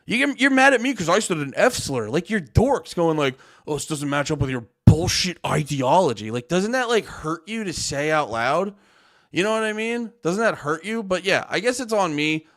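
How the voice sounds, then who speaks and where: A man's voice: high-pitched, very animated, normal speed, a bit bright. Profane, exasperated streamer man. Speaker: streamer and comedian. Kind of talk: livestream rant at chat.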